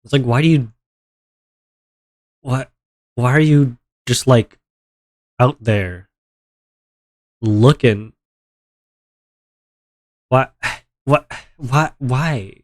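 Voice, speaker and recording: A man's voice: medium pitch, extremely slow, pauses often, darkish tone. A man streaming live with a stuffy nose from allergies, chatting casually and complaining in a rambling, melodramatic way.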